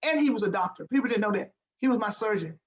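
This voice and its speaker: A woman in her fifties speaks with emphatic, animated energy as she tells stories. Her voice sits at an ordinary middle pitch, and she keeps stressing her points with phrases like "I'm telling you.". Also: fast, muffled recording. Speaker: former pro basketball player, guest. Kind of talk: motivational storytelling in an interview.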